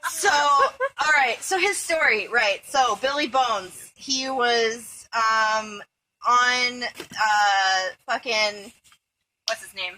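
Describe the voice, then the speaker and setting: A woman's voice: on the high side, takes it slowly, bright, forceful tone, a little hiss or hum, low-quality recording. A young woman retelling a film plot to her friends, rambling and irreverent, with swearing and lots of fillers. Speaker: storyteller among friends. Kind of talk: casual comedic plot retelling.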